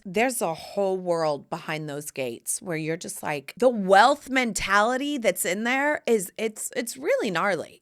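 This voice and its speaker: A woman podcast host from Texas, telling stories in a sassy, animated casual chat. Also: medium pitch. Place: studio or home set, shooting video.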